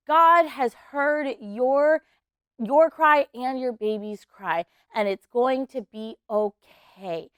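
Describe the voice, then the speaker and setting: A woman teaching preschoolers at church, telling a Bible story in an animated way and getting the kids to act along. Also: high-pitched, clear, resonant tone, no room sound, studio quality. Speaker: children's ministry teacher.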